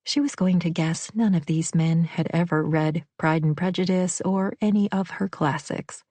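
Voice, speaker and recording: A woman reads a romantic novel aloud in a measured storytelling voice. Her pitch sits on the low side for a woman. The recording is dry and close, with no room sound at all. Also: dark tone, no room sound. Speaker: audiobook narrator. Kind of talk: scripted narration.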